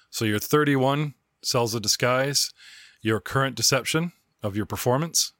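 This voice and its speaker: A man's voice: medium pitch, measured pace, a bit bright, no echo, studio quality. A man hosting a podcast as game master, describing scenes in a chatty, rambling way. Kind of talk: running a tabletop game.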